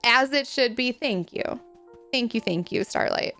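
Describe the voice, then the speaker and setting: A woman's voice: fairly high pitch, measured pace, pushed and bright, faint music behind. A young woman streamer chatting casually while playing a game, in a chatty, self-deprecating, giggly way. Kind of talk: casual gameplay chat.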